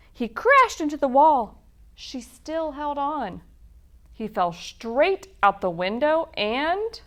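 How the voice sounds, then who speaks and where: At a library storytime, a woman with a voice on the high side reads a children's picture book aloud, telling it expressively.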